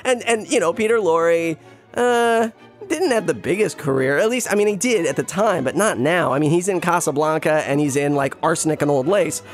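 Man, fairly high voice, rambling casual storytelling, quick impressions, faint music behind.

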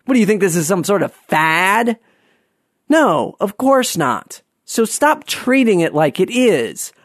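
Man, podcast host, casual monologue, rambling, exasperated rants, slightly high voice, dry sound. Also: big pitch swings, unhurried, dry recording. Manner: rambling, goes off on tangents.

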